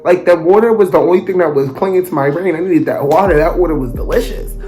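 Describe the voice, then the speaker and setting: A young man narrating a storytime vlog in an animated, dramatic, slangy way. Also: a little high, fast talker, faint music behind. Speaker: vlogger.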